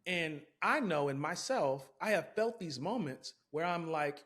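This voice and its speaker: A man's voice: a little high, expressive, unhurried, few pauses, fairly bright tone. Reflective man hosting a movie chat. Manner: reflective, builds to emphatic bursts. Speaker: podcast host. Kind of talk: casual movie review chat.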